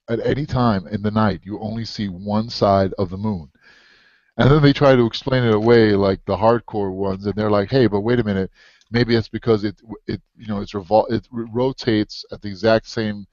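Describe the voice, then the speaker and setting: A man's voice: on the low side, dry recording. A man in a casual conversation, telling stories eagerly. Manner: eager storyteller, animated. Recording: dull lo-fi audio, dry.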